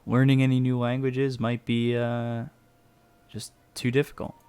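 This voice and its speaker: A man's voice: medium pitch, monotone, unhurried, darkish tone, smooth, no room sound. A man, doing laid-back and chatty commentary on an esports match. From United States. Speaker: esports caster. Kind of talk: casual play-by-play commentary.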